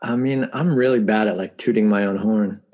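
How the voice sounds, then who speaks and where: A man's voice: lowish voice, moderate pace, a little mellow, dull audio. A man in his forties, a musician guest telling family stories in casual interview chat, laughing often and acting out quotes.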